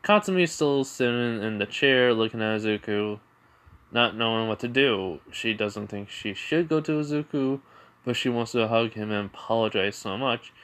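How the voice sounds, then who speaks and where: A man's voice: mid-range voice, moderate pace, fairly bright tone, clean tone. A man narrating an improvised fan story in a mid-range voice, rambling along and often doubling back to restart his sentences. His telling is loose and casual, studded with filler phrases. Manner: rambling, full of "you know" and restarts.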